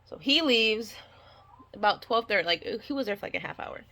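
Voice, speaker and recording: A woman's voice: medium pitch, expressive, a little fast, vocal fry, sharp tone. A young woman casually telling her birth story, rambling with many fillers and restarts and acting out the dialogue.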